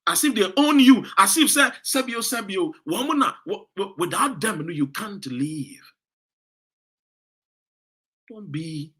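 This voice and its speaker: High, bright-voiced Ghanaian man lecturing. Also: husky. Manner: lecturing, rhetorical questions, scolding. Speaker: political commentator. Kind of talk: impassioned political commentary, reading out viewer comments.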